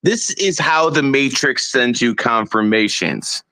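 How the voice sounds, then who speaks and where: Man, bright sharp voice, casual, emphatic agreement. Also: medium pitch, animated, measured pace, dry recording. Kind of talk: casual chat.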